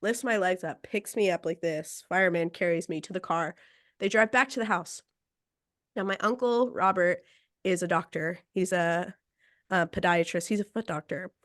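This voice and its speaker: A woman's voice: on the low side, normal speed, a bit bright, no room sound, clean studio sound. A woman podcast host casually telling a story, acting out quotes and laughing between lines.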